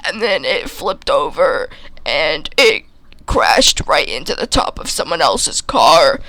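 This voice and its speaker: A man's voice: a little high, sing-song, takes it slowly, bright, forceful tone, dry recording. A man telling an absurd comic story in a rambling way, with many restarts. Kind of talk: comedic storytelling.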